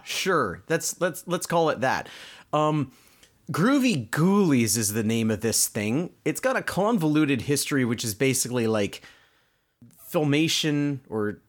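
A man in a casual podcast chat, recapping an old cartoon with dry, bemused asides. His pitch moves around a lot as he talks, though it sits at a middling level overall. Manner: bemused, sardonic, lively. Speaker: podcast co-host.

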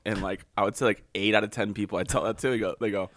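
Bright-voiced man on a podcast. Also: fairly low pitch, fairly even intonation, no room sound, clean studio sound. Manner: easygoing, agreeable, quick to laugh. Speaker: podcast co-host. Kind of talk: casual podcast banter.

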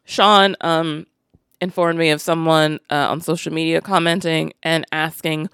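A woman's voice: low voice, level tone, a little slow, fairly bright tone, smooth, dry recording, clean studio sound. A woman in her late thirties co-hosting a casual podcast, talking earnestly and hesitantly. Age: 30s. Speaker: podcast co-host. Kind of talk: casual chat.

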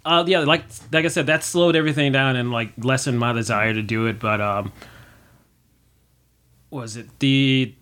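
A man's voice: medium pitch, moderate pace, a bit bright. Young man, casual guest, rambling storyteller, fills with "like" and "uh", acts out quotes. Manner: rambling, many fillers, acts out his own quotes. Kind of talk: casual chat.

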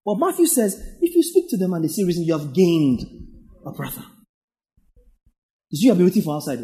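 A man's voice: high-pitched, wildly swooping pitch, brisk, dark tone, breathy edge. A man, preaching a sermon as pastor, repeating his points and checking in with the congregation. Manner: emphatic, repetitive exhortation with frequent "yeah?" to the congregation.

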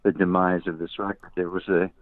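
A man's voice: low-pitched, level tone, brisk, dry recording. An older man, a musician and guest, telling wry anecdotes in an interview. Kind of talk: interview storytelling. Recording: tinny dry phone-like line.

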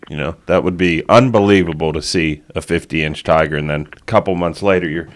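A man's voice: deep voice, brisk, hardly any pauses. A male host in a casual interview chat who talks with enthusiasm and laughs easily. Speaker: podcast host.

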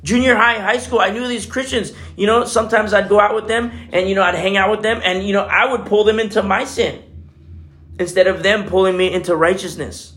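A man's voice: sits high, steady tone, brisk, a bit bright. A man preaching a casual, conversational sermon in church, telling a personal story with many fillers. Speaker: pastor.

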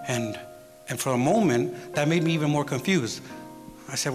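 Speaking at normal speed in a medium-pitched voice, a man gives a sermon as guest preacher in a church hall, telling a personal story in a conversational way. He often asks the congregation "right?", and the recording has hall reverb and music.

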